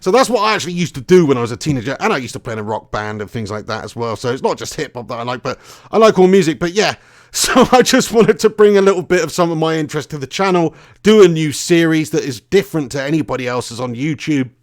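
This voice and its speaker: A man's voice: on the high side, lively intonation, quick pace. A young man, hosting a casual live stream, chatty and swearing freely, laughing often. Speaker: fan channel host.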